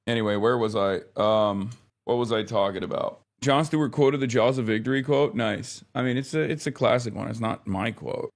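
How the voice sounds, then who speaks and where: A man's voice: mid-range voice, normal speed. A man in his thirties chatting casually on a live stream, rambling, often exasperated, swearing now and then.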